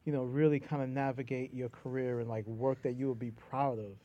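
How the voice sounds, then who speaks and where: A man's voice: mid-range voice, little pitch movement, brisk, dark tone, highs cut off. A man with a New York accent, a comedian and playwright, chatting loosely and joking as a guest, laughing often. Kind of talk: casual conversation.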